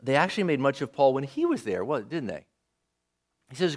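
A man preaching a sermon, lively and often asking his listeners questions. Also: medium pitch, brisk. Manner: lively, asks the audience questions.

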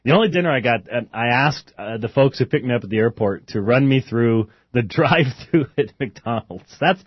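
A man hosts a talk show in an easy, rambling way, circling back with fillers and restarts. His voice sits at an ordinary middle pitch. The recording is dry and dull, with a lo-fi edge. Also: lively intonation, moderate pace, slightly rough, no room sound. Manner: chatty, digressive, many fillers and restarts. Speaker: podcast host. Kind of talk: casual rambling commentary.

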